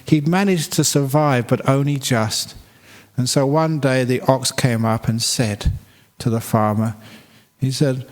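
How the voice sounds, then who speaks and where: A male Buddhist monk telling a fable in a relaxed dharma talk. His middle-pitched voice stays chatty and humorous, and he laughs at his own jokes. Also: a little slow.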